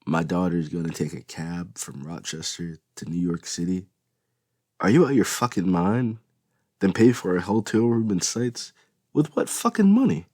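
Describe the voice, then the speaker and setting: A foul-mouthed, domineering middle-aged father in a spoken novel, as a male reader puts him on. He barks blunt orders in a low, husky voice. The recording is dry. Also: fairly even intonation, normal speed, hardly any pauses, a little mellow, no room sound. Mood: angry.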